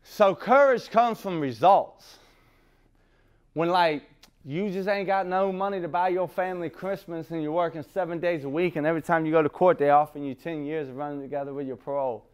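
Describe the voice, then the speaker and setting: Speaking fairly quickly in a smooth voice on the high side, a middle-aged man shares at a recovery meeting. He is rambling and blunt, swearing freely and laughing at himself throughout his profane recovery talk.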